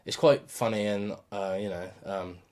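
A man's voice: lowish voice, fairly even intonation, normal speed, darkish tone. A man co-hosting a podcast in casual chat, who laughs often while he talks. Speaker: podcast co-host.

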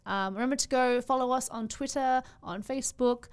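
A woman's voice: high voice, brisk, clear, resonant tone. A woman hosting a casual podcast chat, giggly and chatty, with frequent ums. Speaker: podcast host.

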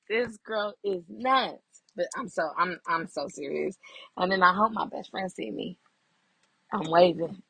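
A woman's voice: lowish voice, gravelly, breathy edge, no room sound. A woman hosting her podcast while driving, chatting casually to her listeners. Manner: chatty, animated, addresses listeners as y'all. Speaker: podcast host. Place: in a car. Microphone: phone.

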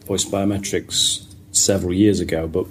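A man in a casual podcast discussion who restarts his sentences as he works through a point. His voice is fairly low. A faint background hiss runs under it. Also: fairly even intonation, moderate pace. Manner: thinking aloud, restarts often. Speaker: podcast co-host.

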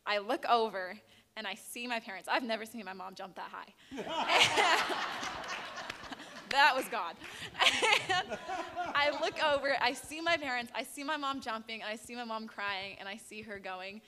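A woman's voice: a little high, normal speed, heavy background noise. A young woman in her twenties giving an emotional personal testimony as a guest, telling her story with lots of animation. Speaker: guest, pageant winner.

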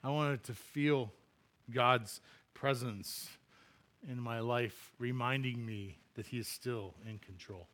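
A man's voice: medium pitch, takes it slowly, fairly bright tone. A man preaching as a pastor, telling a funny personal story in a chatty way and laughing at himself before turning to scripture.

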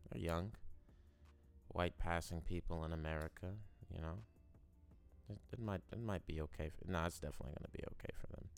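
A young man in his twenties with a very low, gravelly voice that stays smooth and resonant underneath. He hosts a solo podcast, smoking as he rambles, swears freely and muses aloud with no script. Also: steady tone, fast talker, faint music behind. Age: 20s. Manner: rambling, profane, musing aloud; smoking while talking. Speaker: podcast host. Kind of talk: unscripted solo podcast monologue.

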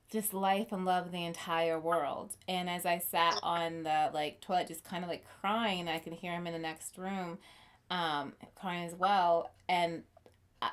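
A woman talking in a casual chat, rambling with many "like" and "um" fillers. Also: lowish voice.

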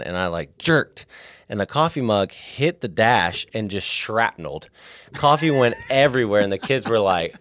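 A man with a deep, low voice tells personal stories in an earnest, lively way. He sounds like a podcast guest in his thirties. The sound is dry and close to the mic. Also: quick pace, dry recording. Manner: earnest, animated storyteller. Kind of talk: casual storytelling.

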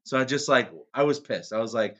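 A man's voice: medium pitch, fairly quick, fairly bright tone, dull audio. A man, a podcast co-host, telling crude stories in casual, mock-defensive chat.

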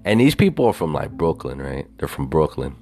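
A man's voice: extremely low pitch, big pitch swings, fairly quick, mellow, soft background music. A man casually telling a rambling story, full of swearing and unsure asides. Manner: profane, hesitant, self-doubting.

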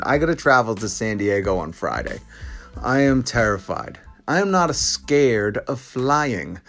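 Chatty, rambling male podcast host. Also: medium pitch. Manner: rambling and jokey, with many fillers and asides. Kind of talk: casual solo podcast monologue.

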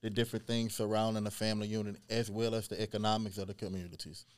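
A man from Louisiana, a historian and genealogist, telling his story in an earnest, animated way in a casual interview. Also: on the low side, quick pace, clean tone.

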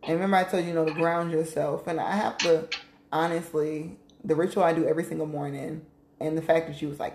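A woman's voice: low voice, steady tone, quick pace, a little mellow, echoey room, slight background noise. A woman co-hosting a casual spiritual talk show, speaking candidly with frequent swearing and laughter. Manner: candid, profane, laughs often. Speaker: podcast co-host. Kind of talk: casual chat.

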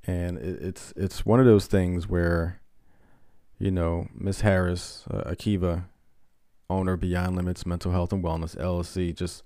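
A man's voice: low-pitched, flat delivery, unhurried, warm tone, no room sound. A man hosting his own podcast, opinionated and joking, who stumbles through restarts as he talks. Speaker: podcast host. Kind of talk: casual podcast monologue. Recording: dry close sound.

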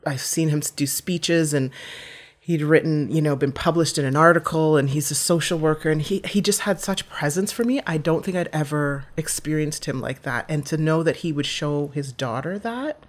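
A woman's voice: low voice, normal speed. A woman guest telling a personal story in a heartfelt, vivid way, often restarting her phrases.

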